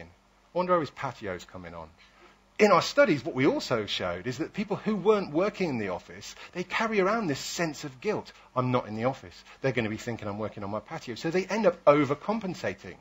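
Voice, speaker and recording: Lively, husky man giving a talk. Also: mid-range voice. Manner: lively, persuasive, asks rhetorical questions. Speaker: speaker. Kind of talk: public talk.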